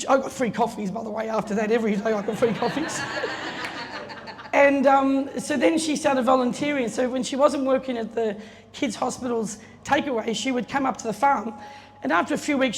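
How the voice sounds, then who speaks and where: Middle-aged woman, quick chatty storyteller, laughing, reverberant hall, faint background noise. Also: a little high. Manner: chatty, laughing, acts out quoted voices. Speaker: guest speaker telling a story at an opening. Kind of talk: casual anecdotal speech. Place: event space.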